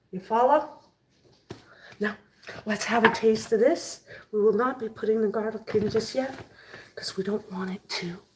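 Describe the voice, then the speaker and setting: A woman's voice: fairly high pitch, a little mellow, slight background noise. Chatty woman cooking on camera. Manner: chatty, jokey, talks to viewers while cooking.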